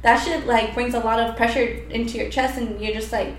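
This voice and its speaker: A woman's voice: fairly high pitch, brisk. A woman with a Hispanic family background, co-hosting a casual podcast chat, swearing freely and laughing as she tells her stories. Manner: profane, laughing, animated storytelling. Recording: echoey room with faint ambient noise.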